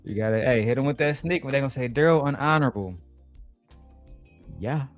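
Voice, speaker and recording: Male host, mid-pitched, profane and mocking reaction commentary with faint music under it. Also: fairly quick. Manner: mocking, blunt, crude slang.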